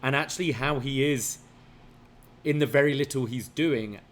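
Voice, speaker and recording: A man co-hosts a podcast in casual conversation, speaking in a mid-range voice at normal speed. He lays out his opinions thoughtfully, in an explaining manner.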